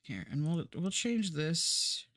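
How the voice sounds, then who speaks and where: A woman's voice: deep voice, animated, takes it slowly, a bit bright, no echo, studio quality. A woman streaming live, chatting casually and rambling while she works, laughing often and swearing now and then.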